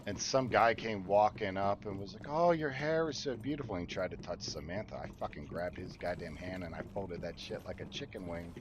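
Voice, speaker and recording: A man's voice: low voice, a little fast, few pauses, background noise. A man, a parent, chatting casually and bluntly with heavy swearing while he streams a game. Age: adult parent. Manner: profane, blunt and emphatic. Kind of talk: casual chat while gaming. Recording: game sounds and gunfire behind. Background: game ambience and gunfire.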